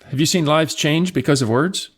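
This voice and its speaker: A man hosting a discussion podcast, asking questions and sharing a memory calmly. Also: fairly high pitch, normal speed, breathy edge. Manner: calm, inviting questions. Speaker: podcast host. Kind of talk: casual discussion.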